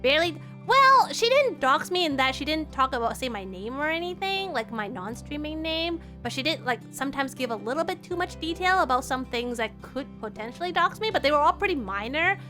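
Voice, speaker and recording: A woman's voice: sits high, big pitch swings, a little fast, few pauses, music in the background. A woman VTuber chatting casually on stream, bubbly and rambling, with lots of "like". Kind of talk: casual live-stream chat.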